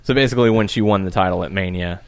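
A man chatting casually as a podcast co-host, animated and acting out what others said. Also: low voice, very fast, clean tone, dry recording. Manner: animated, acts out quotes in put-on voices. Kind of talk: casual chat about wrestling.

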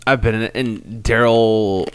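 A man in his thirties co-hosting a podcast in casual chat, animated and given to bursts of loud mocking impressions. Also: lowish voice, unhurried, clean tone. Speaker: podcast co-host.

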